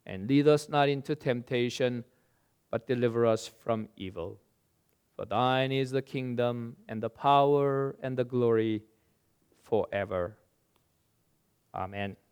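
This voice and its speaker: A man leads a recited prayer, his words drawn out at an unhurried, measured pace. His voice is very clear and smooth, with a solemn, steady delivery. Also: medium pitch. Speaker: prayer leader.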